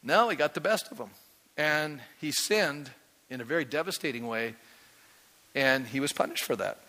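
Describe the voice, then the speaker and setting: Middle-aged male preacher, animated and questioning, fairly high bright voice in a reverberant hall. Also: normal speed. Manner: energetic, quizzes the congregation with rising questions. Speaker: pastor. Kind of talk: sermon.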